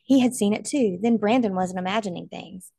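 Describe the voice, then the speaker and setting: A woman's voice: mid-range voice, brisk, vocal fry, mellow, husky, dry recording. A woman narrating a novel aloud in an earnest, emotional way. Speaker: audiobook reader.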